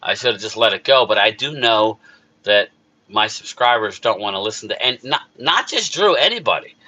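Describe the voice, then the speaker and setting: A man's voice: fairly low pitch, expressive, normal speed, sharp tone, muffled recording. A middle-aged man with a South Jersey accent, hosting a casual live chat on his sports channel, rambling and emotional as he answers viewers. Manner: rambling, emotional, talks back to chat readers. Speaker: YouTube sports channel host.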